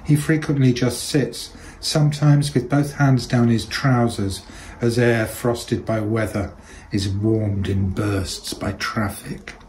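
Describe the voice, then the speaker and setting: A man reading literary fiction aloud in a measured, deliberate way. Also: medium pitch, fairly even intonation, darkish tone, slight background noise, rough recording. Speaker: reader.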